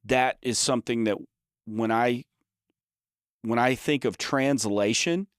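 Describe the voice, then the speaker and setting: A man's voice: medium pitch, slow pace, smooth, dry recording. Emphatic man explaining in a dry room. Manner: emphatic, explains by example, many restarts. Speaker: podcast co-host. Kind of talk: casual chat.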